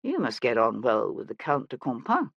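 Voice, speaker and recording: Narrator playing an aristocratic male detective, calm, dryly ironic, lively pitch, dry recording. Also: moderate pace, vocal fry, dry recording, dull audio, exaggerated voice. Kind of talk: audiobook character voice.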